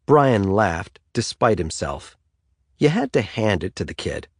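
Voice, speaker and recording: A male audiobook narrator with a lowish voice and a lively, expressive, rising and falling reading. Close, dry studio sound. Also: unhurried, husky, dry recording. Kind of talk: scripted third-person narration.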